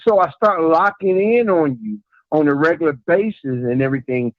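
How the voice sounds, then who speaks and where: A man rings a live show and rambles earnestly, repeating himself as he sings the host's praises. He talks fairly quickly in a fairly high voice with lively intonation, over a muffled phone line with no echo.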